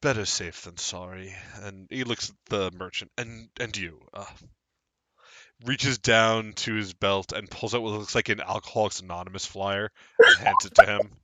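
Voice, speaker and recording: A man's voice: lowish voice, steady tone, moderate pace, bright, forceful tone, no room sound. A man running a tabletop game as game master, narrating and ruling with a playful manner, often laughing.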